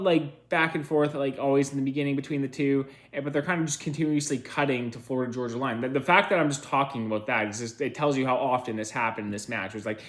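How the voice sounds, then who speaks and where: Male reviewer, mid pitch, casual rambling recap, lots of fillers. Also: a bit bright. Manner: rambling, filler-heavy, self-correcting. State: tired, yawning. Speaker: wrestling reviewer.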